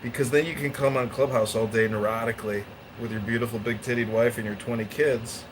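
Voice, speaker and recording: A man's voice: fairly even intonation, brisk, background noise. A man hosting a casual podcast chat, rambling through stories and opinions. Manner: rambling storyteller with bursts of high-pitched mimicry. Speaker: podcast host.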